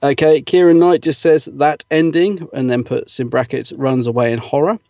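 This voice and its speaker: A man's voice: fairly high pitch, steady tone, normal speed, a little mellow, dry recording, studio quality. A man co-hosting a podcast in a casual chat, reading out listener comments with frequent ums and little laughs. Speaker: podcast co-host.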